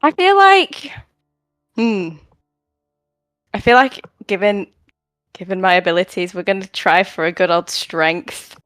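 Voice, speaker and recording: A woman's voice: medium pitch, expressive, unhurried, long pauses, fairly bright tone, no room sound, faint music behind. A woman playing a tabletop game, chatting hesitantly about her character's moves. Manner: hesitant, chatty, laughs easily. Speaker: player. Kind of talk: casual play at a tabletop game.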